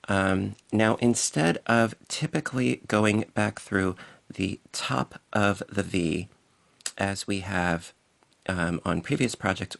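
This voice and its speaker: A man with a low, gravelly voice walks viewers through a crochet project. He speaks slowly and casually, slipping in little jokes as he demonstrates. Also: a bit bright. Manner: playful, jokey, talks to viewers while demonstrating. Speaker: crochet tutorial host. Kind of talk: casual tutorial instruction.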